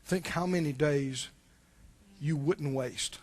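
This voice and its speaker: A male pastor preaching a sermon, animated and full of rhetorical questions. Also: a little high, slow.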